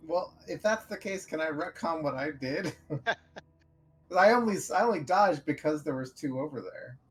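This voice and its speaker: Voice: mid-range voice, normal speed, husky. A tabletop role-playing game player who jokes with the table while describing attacks, with faint music behind. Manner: joking, excitable. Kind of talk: casual tabletop game play. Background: faint fantasy background music.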